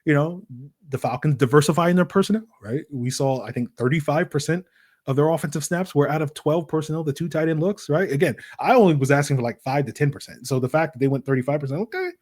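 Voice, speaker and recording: A man hosting a solo sports podcast, talking in an animated, rambling way with lots of fillers and rhetorical "right?" questions. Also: fairly high pitch, fast. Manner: acts out voices in quoted asides. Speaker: podcast host.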